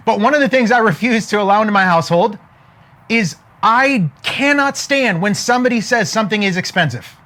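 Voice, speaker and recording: A man with a fairly high voice gives an emphatic motivational talk. He tells stories, builds to punchlines and keeps asking his audience whether they are following. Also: bright, forceful tone. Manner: emphatic, with frequent "okay?" check-ins. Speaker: motivational speaker.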